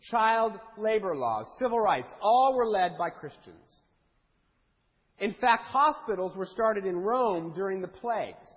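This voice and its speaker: A male pastor delivering a humorous, conversational sermon with playful asides to his congregation. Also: high voice. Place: church sanctuary. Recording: dull sound with long hall reverb.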